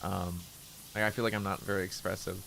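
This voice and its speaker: A man on a game livestream chats in an easygoing, flat, low-key way, deliberately keeping his pitch down. His voice has vocal fry, with slight background noise.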